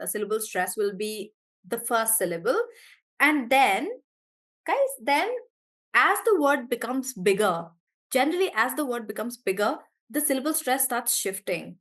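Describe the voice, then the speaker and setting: Woman teacher in a live online lesson, slightly high voice, animated, stretches words out to demonstrate stress. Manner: animated, drawn-out demonstration of syllable stress, self-correcting.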